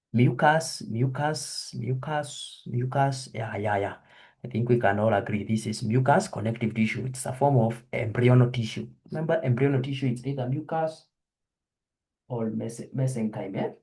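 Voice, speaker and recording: Husky man quizzing anatomy students. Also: medium pitch, normal speed, a little mellow. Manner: quizzing students, repeats questions and answers. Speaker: anatomy lecturer. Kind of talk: online histology review lesson.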